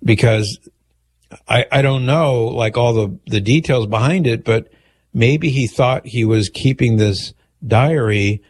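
A man hosting a call-in radio talk show, reading listener emails aloud and answering them in a measured, conversational way. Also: mid-range voice.

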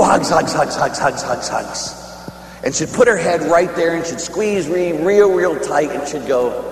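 A priest from Pittsburgh delivers a sermon as lively, humorous storytelling, his voice sitting a little high. The sound is a big, echoey hall with a long reverb tail and a faint hum underneath. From Pittsburgh, United States. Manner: animated, humorous, dramatic storytelling.

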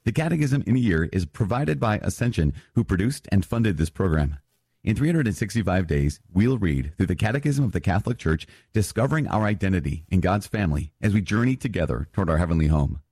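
A man's voice: deep voice, lively intonation, brisk, darkish tone, breathy edge, dry recording. A man, a priest, teaching the faith in an earnest, casual way, often restarting and correcting himself before leading a prayer. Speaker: priest and podcast host. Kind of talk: conversational catechism teaching with prayer.

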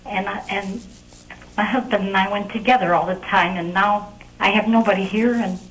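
A grieving woman caller from the United States, speaking haltingly with many restarts. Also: mid-range voice, steady tone, rough recording. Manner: halting, stammering speech. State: emotional, grieving.

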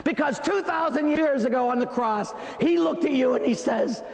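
A man preaching an impassioned sermon, often shouting, with dramatic pauses. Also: very high-pitched, vocal fry, in a large hall.

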